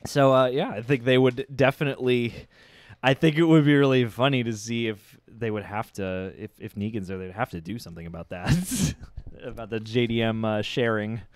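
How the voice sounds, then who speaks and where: A man's voice: medium pitch, normal speed, dry recording, studio quality. A man co-hosting a casual live-stream chat about movies, easygoing and reading viewer comments aloud. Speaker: co-host of a movie talk stream.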